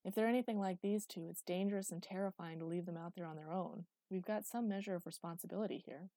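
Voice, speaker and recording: A man's voice: high-pitched, fast, warm tone, no room sound. A woman reading the lines of an agitated male official in an audiobook, in a dry recording. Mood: exasperated. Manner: agitated, exasperated. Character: tense, irritated male government official.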